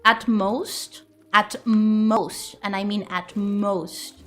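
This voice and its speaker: Woman streamer, relaxed slow delivery, mid pitch, playful and crude. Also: faint music behind. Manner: playful, rambling, crude jokes. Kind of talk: casual chat with viewers.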